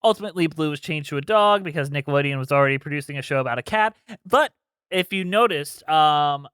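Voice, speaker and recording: A man's voice: a little high, quick pace, fairly bright tone, smooth, no echo. A man co-hosting a casual podcast, rambling along as he reads out trivia facts. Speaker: podcast co-host.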